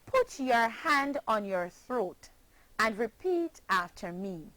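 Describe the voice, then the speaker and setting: A woman from Jamaica teaching a pronunciation lesson, speaking clearly and deliberately and spelling words letter by letter. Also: fairly high pitch, sing-song, a bit bright, dry recording. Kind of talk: slow classroom pronunciation lesson.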